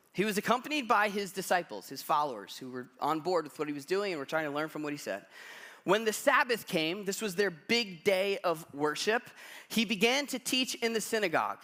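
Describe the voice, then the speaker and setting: A man preaching a sermon as pastor, telling stories in an animated way with casual asides. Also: high-pitched. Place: church.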